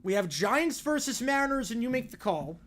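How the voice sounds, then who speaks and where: Male stream host, high voice, reads viewer stories with quick asides. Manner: quick, animated reading with asides. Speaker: livestream host. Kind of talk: reading viewer stories with commentary.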